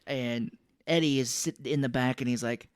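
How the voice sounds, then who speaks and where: A man's voice: mid-range voice, steady tone, normal speed, smooth, no echo, clean studio sound. A man co-hosting a casual movie podcast, animatedly recounting scenes. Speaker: podcast co-host.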